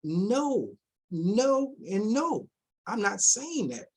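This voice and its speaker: A man's voice: high voice, big pitch swings, drawn-out words, breathy edge. A man giving casual commentary as an investment vlogger, firing off rhetorical questions, repeating himself and mocking imagined investors in quoted voices.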